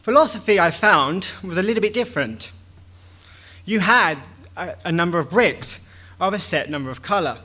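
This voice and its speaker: Bright, high-pitched male conference speaker. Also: normal speed. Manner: animated, acts out dialogues with shifting voices. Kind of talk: lively conference talk.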